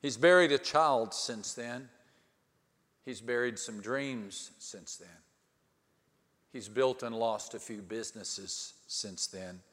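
Pastor preaching in a reverberant hall. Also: male voice, mid-range voice. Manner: dry humor, dramatic pauses, wide swings from hushed to loud. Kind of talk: sermon storytelling.

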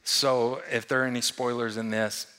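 A man preaching a sermon to a congregation, swinging between loud emphatic lines and hushed ones and asking the room questions. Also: medium pitch, level tone, normal speed, clear, resonant tone. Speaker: pastor. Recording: long hall reverb.

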